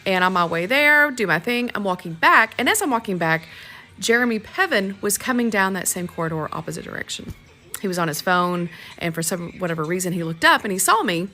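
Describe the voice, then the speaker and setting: Woman, lively pitch, bright tone, wry and amused. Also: fairly quick. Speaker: former film extra. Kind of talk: casual storytelling.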